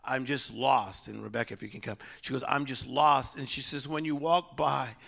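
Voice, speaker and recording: A man preaching a sermon, swinging between loud exhortation and hushed, low-key storytelling, with soft piano music behind him. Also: steady tone, normal speed, gravelly.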